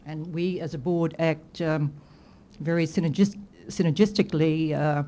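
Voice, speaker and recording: Low-voiced woman board director. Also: fairly even intonation, dark tone, slight background noise. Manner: measured, with frequent hesitations. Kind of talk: formal meeting remarks.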